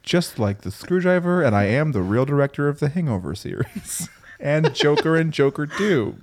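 A man doing a self-important podcaster who talks about his niche show with total deadpan earnestness. The voice sits a little high for a man, and the delivery stays straight-faced throughout. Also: moderate pace. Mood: mock-earnest. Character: self-serious male podcaster hawking a cheese show. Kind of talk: comedy bit in a podcast.

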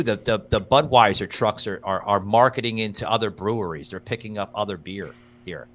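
A man's voice: lowish voice, brisk, few pauses. A man co-hosting a casual podcast, rambling with many restarts and fillers, a little out of breath. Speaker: podcast co-host.

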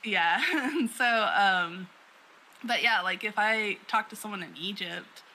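A woman's voice: medium pitch, steady tone, takes it slowly, bright, forceful tone, rough recording. A woman co-hosting a podcast in casual chat, rambling with many fillers and frequent laughs. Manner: rambling, lots of "like" and "um", laughs often. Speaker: podcast co-host.

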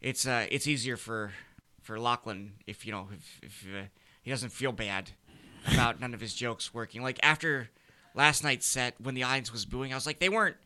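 Bright-voiced deadpan man joking. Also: medium pitch, moderate pace. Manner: deadpan, self-mocking jokes. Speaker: guest comedian. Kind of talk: casual podcast banter.

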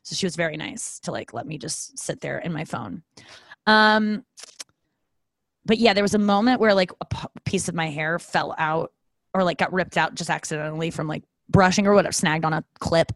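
A woman's voice: lowish voice, moderate pace, no echo. A woman hosting a casual solo podcast from home, chatty and self-deprecating, rambling with many fillers and acted-out asides. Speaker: podcast host. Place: home, talking to her dog.

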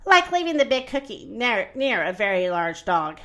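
A woman's voice: mid-range voice, very animated, moderate pace, pushed and bright. A woman reading as a fussy middle-aged male baker, proud of his giant cookie, with a huffy manner. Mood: rueful.

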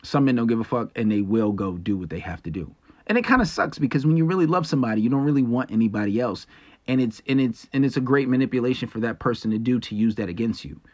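A man's voice: medium pitch, lively intonation, fast talker, muffled recording. A man hosting a solo podcast, talking bluntly and with profanity as he lectures his listeners. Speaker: podcast host. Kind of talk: casual solo podcast monologue.

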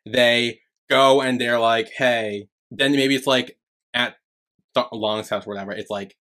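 Bright-voiced rambling podcast co-host man. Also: medium pitch, steady tone, measured pace. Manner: rambling storytelling, heavy on "like", swearing. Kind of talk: casual podcast chat. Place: remote call from separate homes.

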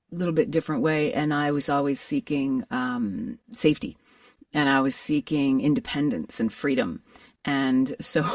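Low-voiced woman, earnest and animated. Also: dry recording, recorded from a distance. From Alabama. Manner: earnest, animated, quick bursts of enthusiasm. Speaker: voice actor guest. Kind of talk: reflective interview chat. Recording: voice a bit away from the mic, dry.

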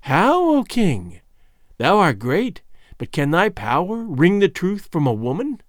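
A wicked, shrieking ancient witch-doctor woman, voiced by a man in an audiobook. Her voice is piping and shrill, pitched very high, and she drags her threats out slowly. The sound is close and dry. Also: wildly swooping pitch, no room sound, heavily acted. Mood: menacing. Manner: slow, drawn-out menacing threats. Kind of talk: audiobook character voice.

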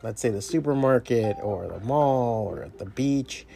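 A man's voice: mid-range voice, expressive, moderate pace, vocal fry, dark tone, faint music behind. A man hosting his own podcast, talking in a casual, rambling, profanity-heavy motivational monologue. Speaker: podcast host.

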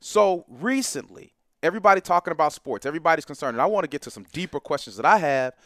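Man with a higher lively voice, emphatic guest, dry close sound. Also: fast, dry recording. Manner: emphatic, animated, bursts into loud laughter. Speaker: professor and podcast guest. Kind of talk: heated podcast discussion.

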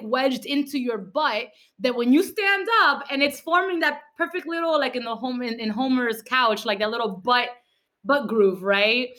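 A Cuban-American woman hosting a podcast, telling stories in an animated way and mixing Spanish into her English. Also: high voice. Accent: Cuban-American Miami. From Cuba, raised in Miami. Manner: animated, mixes Spanish into English, lively storytelling. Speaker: podcast host. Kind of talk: casual chat.

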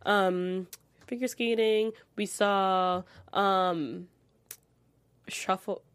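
A woman's voice: mid-range voice, fairly even intonation, very slow, smooth. A young American woman talking as an interview guest, rambling with many fillers and restarts and giggling often. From United States. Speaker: guest performer. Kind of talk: casual interview chat.

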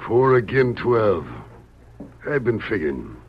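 Gravelly outlaw boss, bossy and scheming, pitch jumps around, muffled old radio tape. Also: male voice, sing-song, a little slow. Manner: menacing, bossy. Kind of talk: 1940s radio drama acting. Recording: dull old radio recording with faint hiss.

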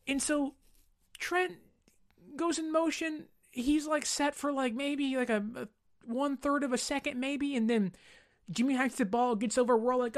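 A woman's voice: high voice, expressive, normal speed. A woman hosting a sports talk show, giving heated commentary in a slangy, exasperated way and repeating points for emphasis.

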